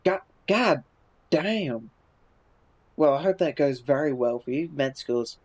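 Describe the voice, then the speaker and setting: A man's voice: on the high side, animated, takes it slowly, rough recording. A man streaming live, chatting casually and reacting to viewer messages in a laid-back way, swearing freely and restarting his sentences.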